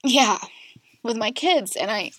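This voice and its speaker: A woman guest in a podcast interview, candidly recounting a painful personal story in a halting, emotional way. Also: on the high side, animated, fairly bright tone, dry recording.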